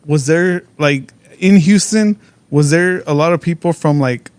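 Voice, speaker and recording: A man's voice: on the high side, measured pace, a little mellow, clear, resonant tone. A man hosting a podcast, asking questions in laid-back slang and tossing in short reactions. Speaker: podcast host. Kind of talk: casual chat.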